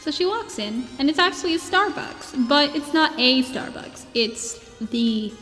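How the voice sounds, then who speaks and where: A woman voicing a gentle space princess who tells a bedtime story in a meandering way, with fillers and restarts. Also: high voice, expressive, measured pace. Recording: long reverb with faint music.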